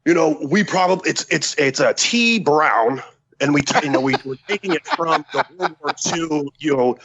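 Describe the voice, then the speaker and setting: A man's voice: fairly high pitch, normal speed, slightly rough, poor audio. Profane storytelling man. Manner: profane, animated, acts out quotes. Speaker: podcast guest, former special forces soldier. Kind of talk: casual storytelling.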